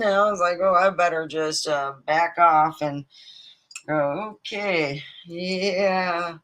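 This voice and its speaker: Nevada woman rambling on her stream, bright tense voice, swears a lot, does little voices for people. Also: on the low side, takes it slowly, low-quality recording. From Nevada, USA. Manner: chatty, digressive, swears freely, acts out quoted voices. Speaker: livestream host. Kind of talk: rambling casual monologue.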